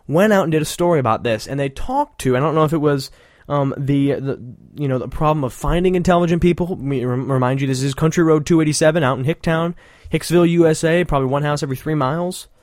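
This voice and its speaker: A man talks through a news story in a loose, mocking way, laughing at his own jokes. His voice sits a little high. The recording is dry, with no room sound. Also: fast, darkish tone, no echo. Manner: sarcastic, rambling, laughing often. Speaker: podcast host. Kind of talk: casual mocking commentary.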